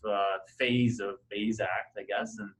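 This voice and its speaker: Speaking slightly slowly in a lowish, steady voice, a middle-aged man shares his story on a conference panel. His delivery is conversational and hesitant, packed with fillers and false starts, and the audio from the university conference room is poor.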